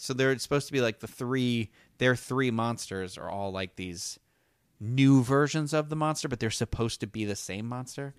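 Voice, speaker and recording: A man's voice: mid-range voice, fairly bright tone, smooth, no room sound, studio quality. A man co-hosting a casual fan discussion, talking enthusiastically and rambling through restarts. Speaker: podcast co-host.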